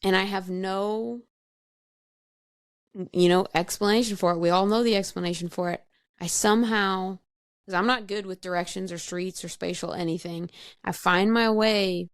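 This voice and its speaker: Her voice is lowish and gravelly but clean in tone, recorded dry with clean studio sound. Appearing as a podcast guest, she candidly tells stories from her past in a matter-of-fact way, often laughing at herself and filling her speech with "like."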